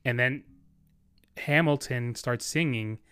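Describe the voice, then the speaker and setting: A man's voice: mid-range voice, takes it slowly, fairly bright tone, clear, resonant tone. A man co-hosting a casual podcast chat, steering the conversation in an earnest, heartfelt way. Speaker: podcast co-host. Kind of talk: casual chat about a musical.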